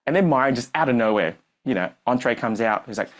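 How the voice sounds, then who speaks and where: A man's voice: mid-range voice, animated, fast talker, few pauses, slight background noise. A man, a business coach telling a story on stage to a live audience and acting out the dialogue.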